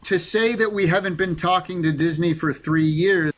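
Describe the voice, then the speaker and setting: A man answers interview questions at length, rambling and a little defensive, full of ums and restarts. His voice is slightly higher than most men's. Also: moderate pace, fairly bright tone. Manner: rambling, defensive, many fillers. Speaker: interview guest.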